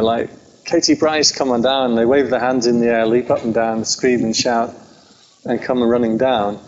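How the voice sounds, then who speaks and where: A man with an English accent gives an informal dharma talk to a group at a meditation centre. He speaks in a chatty, self-deprecating way, at an ordinary middle pitch. The recording sounds a little dull and lo-fi, with a faint hiss underneath. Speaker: Buddhist teacher.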